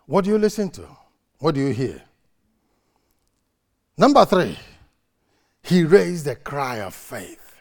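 Casual note: high, wildly animated male preacher at a church service, shouting then soft. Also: slow pace, long pauses. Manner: dramatic, swings between shouting and soft. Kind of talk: sermon.

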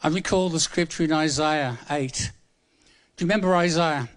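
This is a preacher in his 70s, seventy-five years old and from England, giving a light-hearted, conversational sermon in church. His voice is a little high and moves at normal speed, and he leans on repeated words for emphasis.

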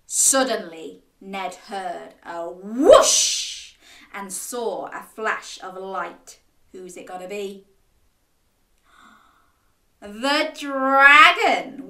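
A woman reads a children's picture book aloud, slowly and expressively, with a bright, lively, swooping voice. She invites young listeners to join in. Her voice echoes in the room around her. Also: medium pitch. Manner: animated, interactive, asking listeners to join in. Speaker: children's storyteller.

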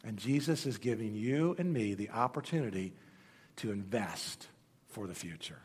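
A male pastor preaching a sermon and telling stories, moving between loud emphatic lines and hushed, low passages. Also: lively intonation, moderate pace, breathy edge. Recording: long hall reverb.

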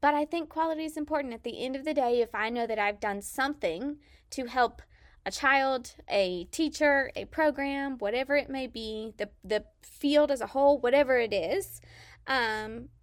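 This is a woman from Kansas with a slight Southern twang, talking enthusiastically on a podcast. Her voice sits a bit high and sounds close and dry at the mic. She rambles warmly and drops in "um" now and then. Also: moderate pace, dry recording. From Kansas, USA. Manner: enthusiastic, chatty, frequent "um" fillers. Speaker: podcast co-host, childcare specialist. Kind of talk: casual podcast monologue. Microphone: podcast microphone.

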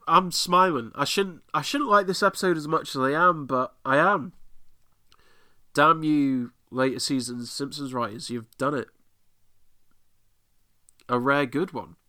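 A British man with an excitable, sweary manner, giving casual commentary while watching an episode. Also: a little high. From Britain. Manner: excitable, swears freely, reacts aloud. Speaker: podcast host.

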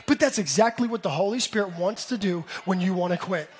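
A man in his thirties preaching a sermon in an animated way, building up to shouts. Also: sits high, a little fast, a little hiss or hum. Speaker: pastor.

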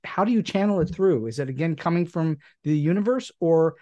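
A man's voice: on the high side, expressive, brisk, warm tone, dull audio. A man interviewing a guest, asking curious, probing and rambling questions. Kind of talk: conversational interview.

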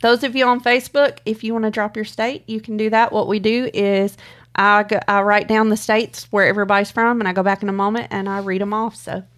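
A woman's voice: mid-range voice, little pitch movement, fairly quick, a bit bright. A middle-aged woman, co-hosting a live stream and chatting casually with viewers, laughing often and telling stories with animation.

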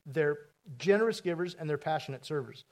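A man's voice: a little high, animated, a little fast, darkish tone. A man preaching a sermon as pastor, telling stories in a conversational way with asides to the congregation.

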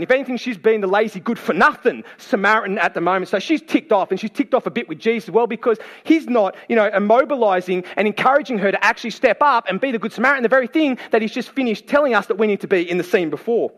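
A man preaching a sermon, telling the story in a lively, playful way and acting out the people in it. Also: high voice, quick pace, few pauses. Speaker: pastor.

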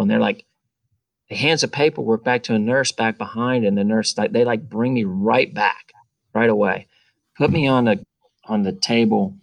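A middle-aged man, a podcast guest, telling a story in a casual, animated way and acting out the dialogue. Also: fairly low pitch, normal speed, creaky, no echo. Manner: animated, acts out quoted dialogue.

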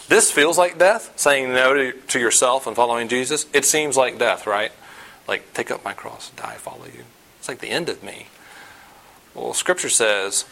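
A man's voice: mid-range voice, a bit bright, low-quality recording. Earnest man preaching conversationally. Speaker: pastor. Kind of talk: sermon.

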